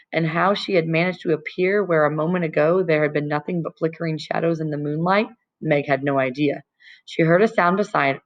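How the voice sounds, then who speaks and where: A woman narrating a novel aloud as an audiobook reader, in a calm, even storytelling manner. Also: low voice, highs cut off. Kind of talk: scripted narration.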